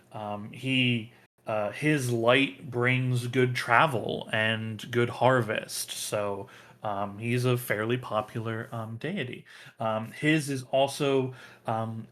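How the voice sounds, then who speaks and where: Halting man narrating a tabletop game. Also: medium pitch, a bit bright. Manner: halting, many ums and uhs. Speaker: game master.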